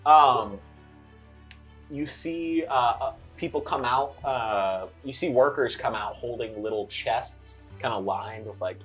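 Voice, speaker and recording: A woman narrating a tabletop game as game master, lively and often laughing. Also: a bass voice, takes it slowly, soft background music.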